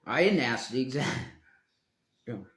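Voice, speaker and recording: A man's voice: mid-range voice, lively intonation, a little slow, a bit bright. A man talking on his own live stream in a meandering, profane monologue, often trailing off mid-sentence. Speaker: livestreamer. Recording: roomy echo.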